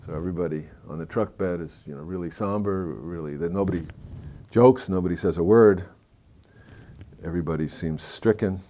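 A man telling a story in a talk, moving between hushed, somber passages and lively, excited stretches. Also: low-pitched, a little fast.

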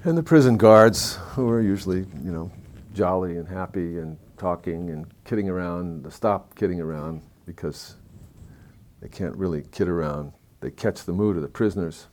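A man telling a story in a talk, moving between hushed, somber passages and lively, excited stretches. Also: low voice, moderate pace.

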